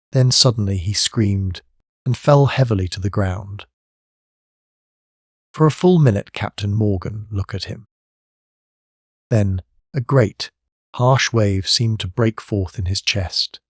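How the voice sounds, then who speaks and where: A man narrating a classic novel as an audiobook, reading in a measured, even way. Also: fairly low pitch, no echo, clean studio sound. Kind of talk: scripted narration.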